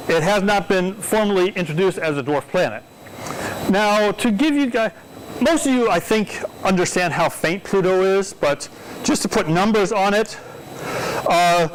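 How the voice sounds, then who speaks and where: A high-voiced man lectures on astronomy to a live audience, loose and chatty, wandering into asides and checking in with the room. A faint hum of background noise sits under his voice. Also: poor audio. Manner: conversational, digressive, asks audience questions. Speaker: astronomy speaker. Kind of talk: public science talk.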